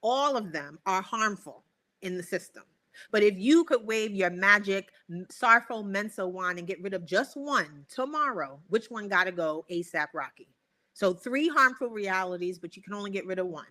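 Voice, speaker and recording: Bright, playful woman podcast host. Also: medium pitch, animated, normal speed. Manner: playful, laughs often, hype interjections. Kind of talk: casual interview chat.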